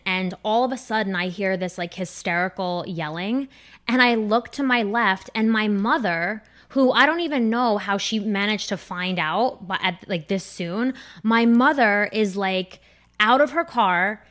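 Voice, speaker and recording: Animated woman telling a comic story. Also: medium pitch, a little slow. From New Jersey. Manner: animated, acts out quoted voices. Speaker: comedian guest. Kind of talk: casual podcast storytelling.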